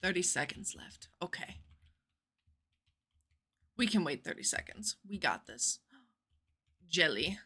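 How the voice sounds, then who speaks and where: Streaming a game, a woman in her twenties rambles chattily and swears from time to time. Her voice is very bright and bouncy with wide pitch swings and lively intonation, but she speaks slowly, pauses often, and has a breathy edge.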